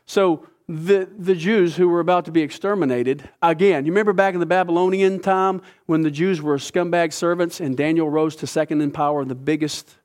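A man preaching a sermon, retelling a scripture story with lively asides. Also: fairly high pitch, a little fast, hardly any pauses. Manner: animated storytelling, acting out characters. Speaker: pastor.

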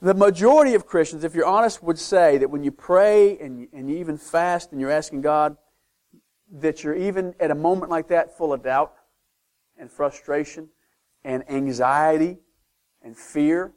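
Male preacher delivering a sermon, somewhat high pitch, animated with sudden quiet passages. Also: moderate pace. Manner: animated, swings from loud to hushed, acts out doubters' voices.

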